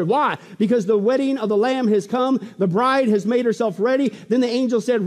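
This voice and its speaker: High-pitched, emphatic preacher man in a hall. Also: fairly quick, hardly any pauses. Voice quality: emphatic, swings from loud exclamations to hushed asides. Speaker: pastor. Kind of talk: sermon. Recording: long reverb in a large hall.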